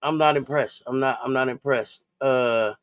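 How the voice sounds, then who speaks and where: A man's voice: mid-range voice, fairly even intonation, moderate pace, dry recording, lo-fi sound. A man co-hosting a casual sports talk show, loose and chatty, often repeating himself. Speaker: co-host.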